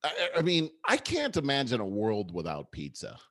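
A man's voice: medium pitch, normal speed. A middle-aged man in casual chat, telling stories about his family with lots of laughter and acted-out voices. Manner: animated storyteller, acts out voices, laughs often.

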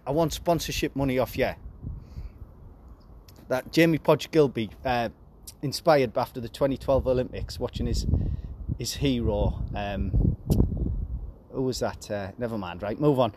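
A man in his forties reads out news headlines in a loose, casual podcast. His voice sits in an ordinary middle pitch, and he drops flat, sarcastic remarks after each story. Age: 40s. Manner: deadpan, sarcastic asides on headlines. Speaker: podcast host.

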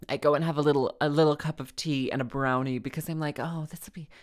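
A woman's voice: deep voice, fairly even intonation, fast. A woman hosting her own podcast, chatting casually and tiredly, rambling and restarting her phrases with self-deprecating asides. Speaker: podcast host. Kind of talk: casual solo chat.

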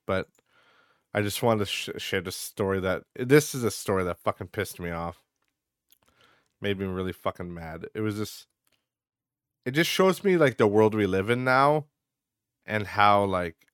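A man's voice: on the low side, a bit bright, no echo. A young adult man hosting a casual solo podcast, ranting with frequent swearing and lots of filler words into a close mic. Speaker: podcast host.

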